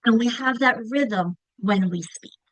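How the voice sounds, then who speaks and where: A woman's voice: fairly high pitch, unhurried, fairly bright tone, no room sound, low-quality recording. A middle-aged woman with a Long Island accent, teaching a lesson on reading and often checking in with listeners. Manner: explanatory, frequent "right?" check-ins. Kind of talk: instructional presentation.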